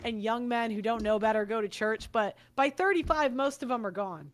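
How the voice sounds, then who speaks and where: A woman's voice: a little high, moderate pace. A young woman hosting a podcast, delivering an angry, profane monologue and repeating her points. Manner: swearing, ranting, repeats herself. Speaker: podcast host.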